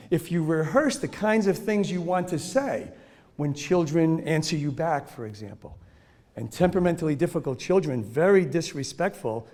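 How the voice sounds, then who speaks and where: A man presenting a training talk on children's behavior, his voice sitting a little higher than most men's. He talks in a lively, engaged way and shifts his tone as he explains each point. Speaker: parenting and teaching workshop speaker.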